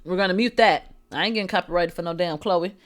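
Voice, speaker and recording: A woman hosting a celebrity gossip livestream. She talks in a brash, profane way, laughs, answers her chat, and swings from low asides to loud outbursts. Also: quick pace, music in the background. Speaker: host of a celebrity gossip show. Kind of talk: livestream entertainment gossip commentary.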